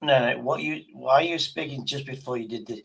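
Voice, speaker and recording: A man chats on his live stream in a blunt, rambling way and swears casually. His voice is gravelly and a little husky. He talks into a desk mic at his laptop. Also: medium pitch, brisk, a bit bright.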